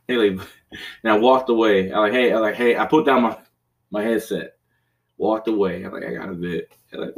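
A man's voice: fairly low pitch, animated, moderate pace, creaky, recorded from a distance. Rambling, profane man chatting casually. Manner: rambling, profane, laughs often; acts out his own raging outbursts loudly. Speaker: podcast host. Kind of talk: casual chat.

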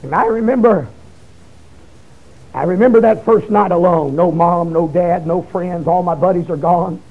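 A man preaching his testimony, emotional, swinging from shouts down to hushed low tones. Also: normal speed. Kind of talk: fiery testimony sermon. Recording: dull lo-fi recording.

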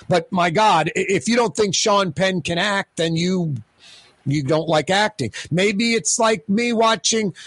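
A man's voice: high voice, no room sound. A man hosting a radio talk show, chatting casually and running prize giveaways, rambling with lots of stammered restarts. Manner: rambling, animated, repeats himself with stammered restarts. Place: radio studio.

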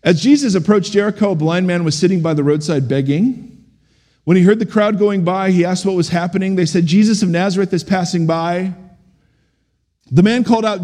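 A middle-aged man preaching a sermon as a pastor, animated and humorous, asking the congregation questions. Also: sits high, normal speed. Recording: long hall reverb.

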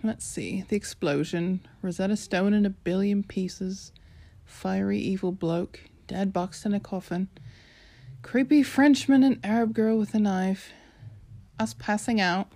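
A woman's voice: mid-range voice, measured pace, mellow. A woman with a British accent voicing a brash, sarcastic teenage girl narrating her own story, chatty and sarcastic. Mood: cheeky.

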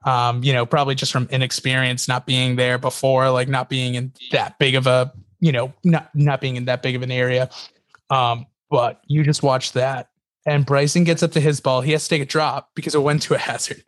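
A man's voice: mid-range voice, brisk. Chatty, laughing podcast guy. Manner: animated storyteller, laughs often, many fillers. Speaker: podcast co-host. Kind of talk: casual chat.

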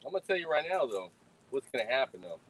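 A man's voice: medium pitch, very animated, fast, a bit bright. A man ranting defiantly on a live stream, swearing constantly and mocking his critics with sarcasm.

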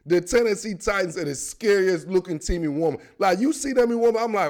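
A young man with a high, light voice hosts a sports podcast. He riffs on football in loose, slangy, animated chatter that keeps building with excitement. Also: brisk, few pauses. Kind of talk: casual sports commentary.

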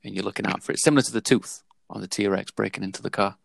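Low, gravelly man in casual chat. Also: racing, no echo. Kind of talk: casual film discussion.

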